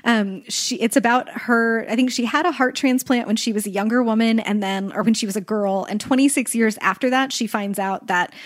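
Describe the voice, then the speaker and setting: A woman's voice: a little high, brisk, hardly any pauses, no echo, clean studio sound. A woman co-hosting a casual book podcast, talking earnestly and a little nervously about books that move her. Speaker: podcast co-host.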